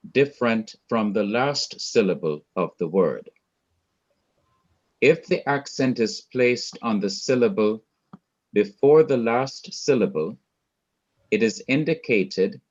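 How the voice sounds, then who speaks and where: A man with a Jamaican accent teaching a class, going through his points slowly and one by one. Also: lowish voice, lo-fi sound. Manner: slow, methodical, lists points one by one. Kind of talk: recorded class lecture.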